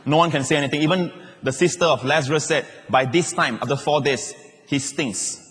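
Animated preaching man, higher voice, long hall reverb. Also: fairly quick. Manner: animated preaching, rising to excited emphasis and dropping to soft, low asides. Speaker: pastor. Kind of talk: sermon.

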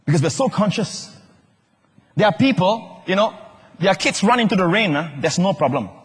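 A man with a Singaporean English accent preaching a sermon, animated and joking, often acting out other people's voices. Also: high voice, normal speed, husky. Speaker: pastor. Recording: echoey hall with long reverb.

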